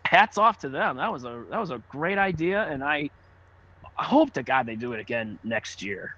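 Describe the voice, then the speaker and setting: A man's voice: medium pitch, very animated, moderate pace, bright, forceful tone. A man co-hosting a casual sports podcast, talking enthusiastically with a chuckle, on a dull lo-fi mic. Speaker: podcast co-host.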